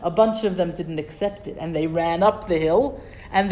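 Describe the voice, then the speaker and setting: A woman's voice: fairly low pitch, normal speed, dark tone. Woman teaching a Talmud class. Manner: explains patiently, asks students questions, reads Hebrew and Aramaic then translates. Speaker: Torah teacher. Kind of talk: text study class.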